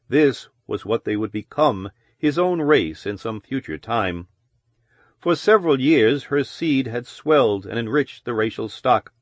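A man giving measured, descriptive audiobook narration of a novel. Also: medium pitch, no room sound.

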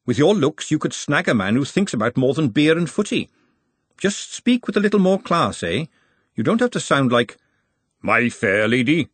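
A man's voice: a little high, very animated, moderate pace, husky, dry recording, voice pushed up. A man voicing a sensible, bossy young working woman who talks in a firm, scolding way.

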